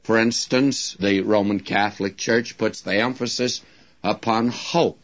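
A man teaching from the Bible in a sermon, deliberately drawing out key words and speaking directly to his listeners. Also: fairly low pitch, fairly even intonation. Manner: addresses listeners directly, folksy asides. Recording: dull lo-fi recording.

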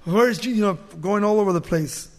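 Man preaching, high voice, church reverb, loud scripture reading, soft asides. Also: brisk. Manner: reads scripture louder and higher, drops soft for asides. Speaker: pastor. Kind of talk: sermon with scripture reading and prayer. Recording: long hall reverb.

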